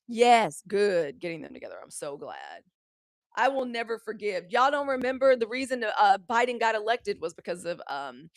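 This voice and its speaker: A woman's voice: a little high, very animated, normal speed, no echo, clean studio sound. A woman hosting a live news commentary show. She talks casually and bluntly, with profanity, and speaks straight to her viewers. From United States.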